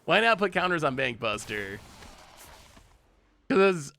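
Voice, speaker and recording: Streaming a card game, this man chats casually and laughs a lot as he talks to his opponent and viewers. He speaks slowly in a slightly high, bright, forceful voice with big pitch swings and some creak.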